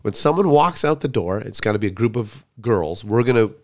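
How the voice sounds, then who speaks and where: Animated man telling a story. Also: fairly low pitch, fairly quick. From Canada. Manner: animated storyteller acting out quotes. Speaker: comedian guest. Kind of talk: casual storytelling.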